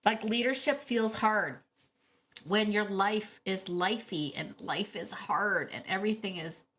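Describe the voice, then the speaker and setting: A woman hosting a dog training podcast, telling stories in a chatty, animated way with laughs and fillers. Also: medium pitch, unhurried. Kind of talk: casual podcast monologue.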